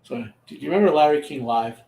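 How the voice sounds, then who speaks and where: A man's voice: fairly high pitch, lively intonation, fast talker, creaky, dark tone. Rambling storyteller man in an echoey room. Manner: rambling storyteller with many restarts. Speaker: podcast guest. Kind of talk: casual chat.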